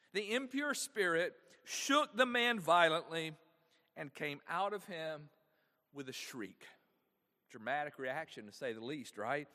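A man's voice: a little high, a bit bright. A man preaching a sermon as pastor, with rhetorical questions to the congregation. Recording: long echo of a large hall.

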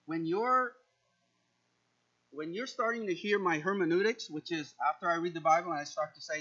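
Male pastor, sermon, high bright voice, animated, repeats words, dull lo-fi recording. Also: moderate pace, pauses often. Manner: animated, repeats words, acts out quotes with sudden loud jumps.

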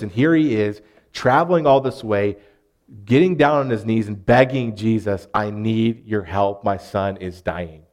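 Southern pastor guy preaching, earnest and chatty, voice neither high nor low. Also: a little mellow. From Arkansas. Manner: earnest and conversational, with frequent restarts and rising emphasis. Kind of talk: sermon.

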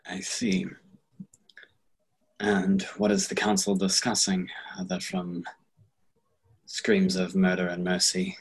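A man's voice: sits low, level tone, unhurried, husky, rough recording. A man playing a tabletop game, speaking in a dry, drawling way. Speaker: player.

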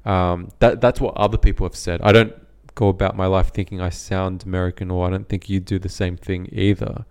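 A man's voice: sits low, little pitch movement, brisk, smooth. A young Australian man co-hosting a podcast, chatting casually and reflectively, often repeating himself as he thinks. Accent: neutral Australian. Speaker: podcast co-host. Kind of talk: casual chat.

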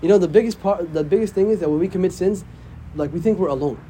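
A man's voice: high voice, fast talker, dark tone, slight background noise. A man, an imam, teaching a casual religious class, often checking in with "right?". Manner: conversational, often asks "right?".

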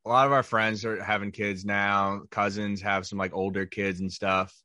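A man's voice: fairly low pitch, little pitch movement, moderate pace, bright, forceful tone, no echo, clean studio sound. A young adult man co-hosting a comedy podcast, making wry observations and asking his co-host questions. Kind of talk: casual comedic chat. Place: New York area.

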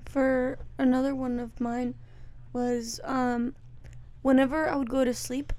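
High-voiced, chatty young woman podcaster. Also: little pitch movement, a little slow, dark tone. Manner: chatty, self-described jumpy, filler-heavy. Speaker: podcast co-host. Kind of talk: casual chat.

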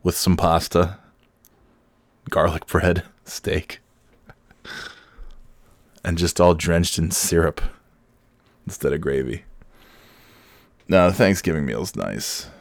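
Low gravelly sick man rambling. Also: takes it slowly, long pauses, dry recording, clean studio sound. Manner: rambling, self-mocking, chuckling. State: sick, holding back coughing fits; half awake. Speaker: podcast host. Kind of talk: casual solo podcast monologue. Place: home with kids heard in the background.

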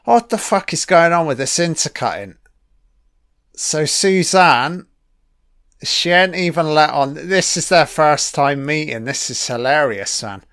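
A man's voice: fairly high pitch, a bit bright, no room sound, clean studio sound. A man giving casual, sarcastic film commentary, swearing constantly and mocking what is on screen. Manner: sarcastic, heavily profane, mocking.

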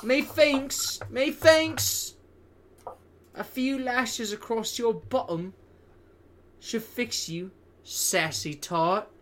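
A man putting on a high lewd mock-British gent. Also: extremely slow, pauses often, fairly bright tone, slight background noise, exaggerated voice. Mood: leering.

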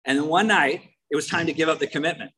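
A man's voice: a little high, fast talker, a bit bright, a little hiss or hum, rough recording. A man telling his own story to a recovery meeting, candid and conversational, with frank asides. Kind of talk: personal testimony to a meeting. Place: recovery meeting, in person or over a video call.

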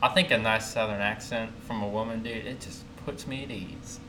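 A man's voice: fairly low pitch, fairly even intonation, moderate pace, noisy background. A young man from the American South co-hosting a podcast, talking in a casual, easygoing way. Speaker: podcast co-host. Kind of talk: casual chat.

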